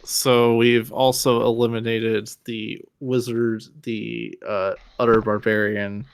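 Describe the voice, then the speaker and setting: A man's voice: medium pitch, little pitch movement, slow, vocal fry, clean tone. A man playing in a casual online tabletop game, joking and laid-back. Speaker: player.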